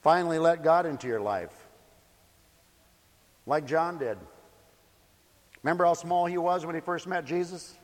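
Folksy preacher, man, high voice, hall reverb, swings soft to loud. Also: normal speed, long pauses. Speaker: pastor. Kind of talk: sermon.

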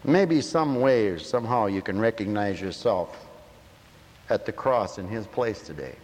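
A man preaching a sermon emphatically, dropping to quiet asides and rising to shouts. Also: on the low side, expressive, a little slow. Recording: echoey hall.

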